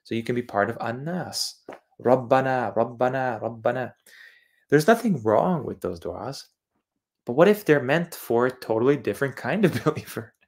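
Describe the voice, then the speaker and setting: A man's voice: medium pitch, sing-song, moderate pace. A man from Eastern Europe holds forth on his livestream in a mid-range voice. He repeats key words several times over as he explains them, pressing each point insistently. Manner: insistent lecturing tone. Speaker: channel host. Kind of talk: livestreamed religious monologue.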